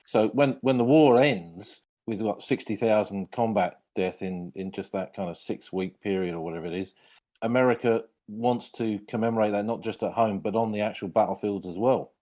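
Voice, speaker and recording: Deep mellow British man. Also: moderate pace. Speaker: podcast host. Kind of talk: casual conversation.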